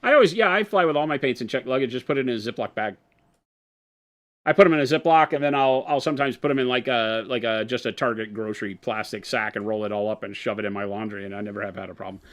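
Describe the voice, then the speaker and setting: A man hosting a live hobby stream, answering viewer questions about paint in relaxed, rambling explanations full of fillers. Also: mid-range voice, fast.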